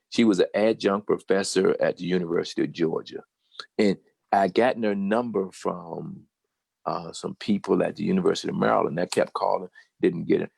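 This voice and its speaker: An older man with a Southern drawl tells a story, and his low voice sounds gravelly with heavy fry. His tone is husky and a little raspy, and he acts out the people he quotes with lively energy. The sound is dry and close. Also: no echo. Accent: Southern American. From Virginia. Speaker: guest storyteller. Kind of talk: casual storytelling.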